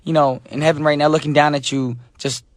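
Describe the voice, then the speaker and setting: A hoarse man hosting a radio show in casual chat, joking with listeners and using many fillers. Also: fairly high pitch, little pitch movement, a little fast, dry recording.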